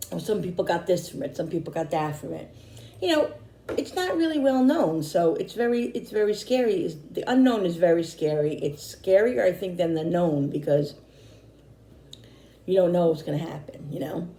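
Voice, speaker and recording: A middle-aged woman talks to her viewers in a loose, rambling way, circling back over the same points. Her voice is low, mellow and a little hoarse, and she sounds tired. The sound is echoey, as if she is recording in a bare room. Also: a little hiss or hum. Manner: rambling, repeating herself. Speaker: vlogger. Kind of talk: casual chat to camera.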